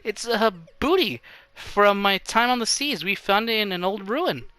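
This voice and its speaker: A man's voice: high-pitched, lively intonation, normal speed, bright, forceful tone, smooth, dry recording, voice pushed up. A man voicing a shipwrecked young pirate woman who whines and pleads. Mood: coaxing. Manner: whiny, pleading.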